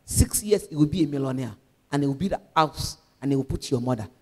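Woman voicing a hushed, ominous fortune-teller. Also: a bass voice, animated, quick pace, slightly rough, long reverb tail, pitched below the performer's own voice, full character voice. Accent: Nigerian. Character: solemn male fortune-teller warning of doom.

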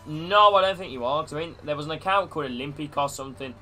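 A man's voice: a little high, quick pace, pushed and bright, soft background music. A man live-streaming a football video game, calling the play and greeting his chat viewers. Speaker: gaming streamer.

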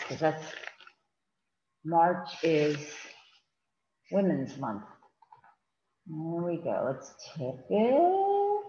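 A woman's voice: low voice, wildly swooping pitch, slow, long pauses, darkish tone. Sing-song woman reading picture books aloud. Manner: chatty, sing-song, fussing with the book on camera. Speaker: children's librarian. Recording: roomy, dull lo-fi with faint hiss.

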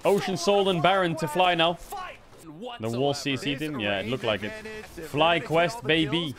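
A man streaming a match, reacting with excited commentary, swearing and laughing often. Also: fairly high pitch, unhurried, long pauses.

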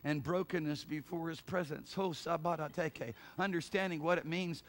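A male pastor preaching a sermon, repeating his points, laughing and saying hallelujah, and rising to loud fervent cries of prayer. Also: on the high side, fairly even intonation, normal speed.

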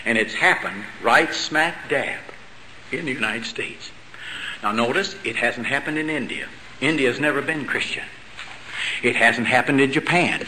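The audio is poor, with slight background noise, as a middle-aged man gives an emphatic, lecture-style sermon as a convention speaker. His mid-range voice has a sharp edge, pounding key words and mixing in rhetorical questions and wry jokes.

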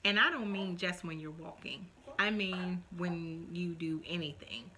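A young woman vlogging in a casual, dramatic chat, mock-quoting others with lively emphasis. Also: on the low side, a little slow.

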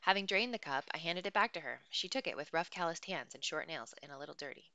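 A woman reading a novel aloud chapter by chapter, slow and careful, with occasional small slips. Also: sits low, expressive, sharp tone, dry recording. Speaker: audiobook reader.

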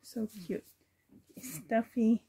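Slow, husky-voiced woman sorting baby clothes. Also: on the high side. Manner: chatty, sentimental, talks to herself, laughs softly. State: emotional, choked up. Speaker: reborn doll collector vlogger. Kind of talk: casual chat while sorting clothes.

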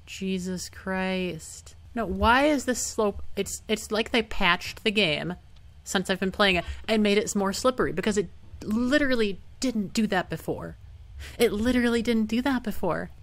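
A woman's voice: mid-range voice, measured pace. A young woman playing a hard computer game and talking casually through it, often frustrated and swearing. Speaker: gaming YouTuber. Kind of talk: casual let's-play commentary.

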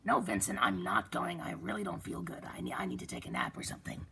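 Woman doing a gravelly sulky sick boy bird. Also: high-pitched, sing-song, a little fast, pushed and bright, pitched above the performer's own voice, full character voice. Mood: sulky, weary. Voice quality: gravelly, breathy. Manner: sulky and weary. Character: sick young male pet bird, sulky son.

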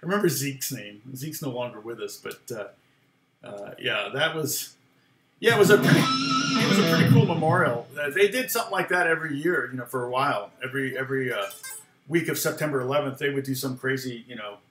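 A man's voice: mid-range voice, expressive, brisk, fairly bright tone, roomy sound, soft background music. A man casually telling a long personal story, rambling, often laughing and acting out what people said. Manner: rambling, laughs often, acts out quoted lines. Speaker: guitar teacher and former worship leader.

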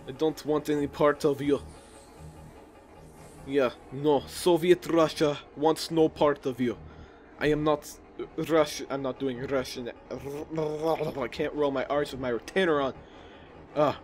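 A young man casually commenting while playing a video game, chatty and jokey with quick reactions. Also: medium pitch. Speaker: gaming video host. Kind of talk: casual let's play commentary.

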